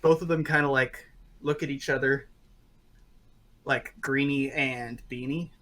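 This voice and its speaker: A man's voice: mid-range voice, fairly even intonation, unhurried, a bit bright. A man running a tabletop game as game master, narrating in a rambling way with many fillers.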